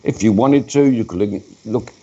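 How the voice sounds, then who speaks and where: A man's voice: lowish voice, normal speed, mellow, dull audio. A man, working as a spiritualist medium at a live church service, talking in a chatty way and breaking off mid-sentence to address spirits. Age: 50s.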